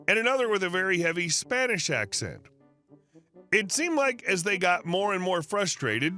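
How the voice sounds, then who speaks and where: A man narrating an online story in an even, scripted reading. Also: high voice.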